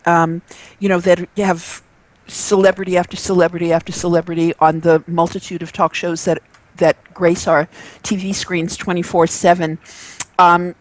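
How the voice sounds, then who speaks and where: A woman with a lowish voice hosts a casual live video chat, speaking with many hesitations and fillers. The sound comes through a video-call mic, dry and of poor quality.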